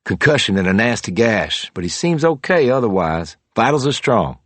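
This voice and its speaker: A brisk, matter-of-fact male paramedic, as a narrator reads him. The voice is very deep and husky, delivered plainly. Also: big pitch swings, a bit bright, no room sound.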